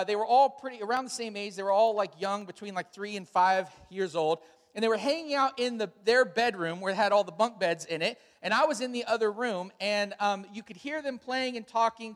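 High-pitched male pastor, middle-aged, casual storyteller, long church reverb. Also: brisk. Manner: casual, storytelling, with frequent fillers. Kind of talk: sermon with announcements. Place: large church hall.

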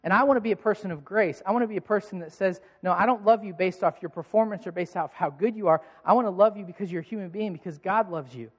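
High-voiced pastor in an echoing hall. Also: male voice, fast talker, hardly any pauses. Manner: storytelling, self-mocking, lively. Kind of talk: sermon. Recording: long hall reverb.

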